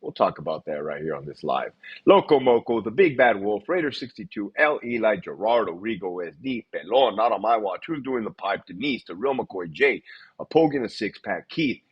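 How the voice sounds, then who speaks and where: Husky, profane man hosting a livestream. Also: on the low side, big pitch swings, lo-fi sound. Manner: profane, blunt, reads shout-outs in a rapid list. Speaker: livestream host. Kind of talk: casual livestream chat.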